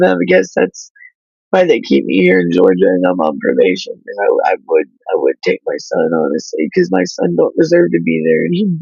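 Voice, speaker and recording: A woman whose child is in foster care, speaking through tears in halting, pleading talk that stops and restarts. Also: on the low side, gravelly, a little mellow, slightly rough, no room sound, lo-fi sound. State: crying, tearful. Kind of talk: emotional livestream talk.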